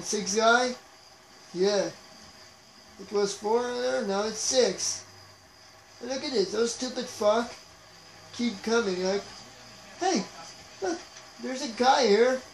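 A man giving profane, excitable live commentary over his gameplay, trash-talking the players he beats. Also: high-pitched. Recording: roomy, noisy home recording.

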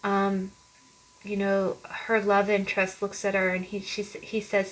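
A woman's voice: mid-range voice, completely flat delivery, a little slow, low-quality recording. A woman giving a weekly tarot card reading to viewers, earnest and chatty, often restarting and repeating her words.

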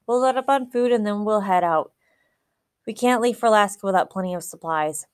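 A woman's voice: medium pitch, a little fast, clear, resonant tone, no room sound, clean studio sound, voice pushed up, natural voice. Woman reading as a blunt young woods boy.

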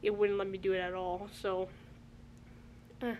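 Recorded on a handheld camera mic, the audio is narrow and tinny with slight background noise. A breathless vlogger in her twenties speaks at home in a medium-pitched, flat, unhurried voice, rambling casually and restarting often.

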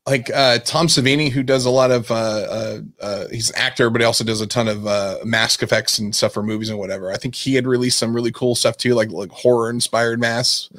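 A man from California speaks as a guest in a casual interview over a video call. He talks fast, rambling with lots of fillers along the way. His pitch sits in a middle range. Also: steady tone, a bit bright, no echo. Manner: quick, rambling, many fillers like "uh" and "like". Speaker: guest, event creator.

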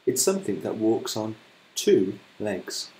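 A man voicing a greedy crocodile in a children's story with a slow, gloating drawl. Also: lowish voice, big pitch swings, darkish tone, low-quality recording. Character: sly, greedy enormous crocodile.

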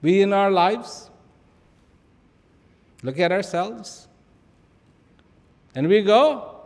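Male speaker, high and sing-song, drawn-out pauses, soft whispered asides, big hall echo. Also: animated. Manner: dramatic pauses and repeated phrases, dropping to a whisper. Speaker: spiritual speaker. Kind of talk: reflective public talk with storytelling. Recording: long reverb of a large hall.

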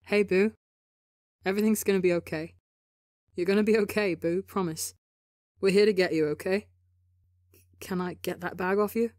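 A woman voicing a desperate young man who pleads, sometimes dropping to a hushed whisper. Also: medium pitch, measured pace, long pauses, slightly rough, no echo, studio quality. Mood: gentle. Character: desperate young man searching for his friend.

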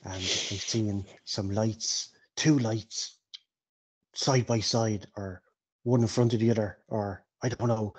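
A man's voice: lowish voice, steady tone, slow, husky. A man doing a rambling drunk watchman. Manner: rambling, unsure.

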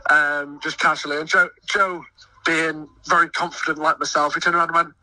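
A young man who sings in a choir and volunteers at a festival, talking excitedly in a radio interview and often stumbling over his words. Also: on the high side, quick pace, no echo, recorded from a distance, rough recording. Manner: eager, stumbling restarts. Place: busy outdoor festival field.

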